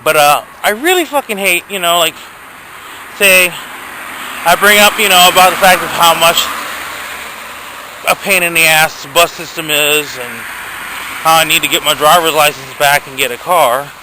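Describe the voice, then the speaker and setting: A man's voice: a little high, normal speed, long pauses, background noise. A young man ranting to his camera outdoors, profane and agitated, filmed on a handheld phone. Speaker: vlogger. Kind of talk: casual rant to camera.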